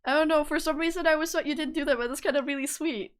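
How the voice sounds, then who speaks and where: A woman's voice: sits high, fairly even intonation, racing. A young woman streaming live, chatting casually and playfully with her viewers, often breaking into giggles.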